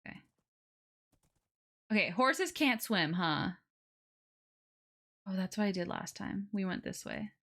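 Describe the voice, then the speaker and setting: A woman's voice: mid-range voice, lively intonation, slow pace, gravelly, pauses often, a bit bright. A woman live streaming a game, chatting casually with her viewers and coaxing her in-game animals along with little exclamations.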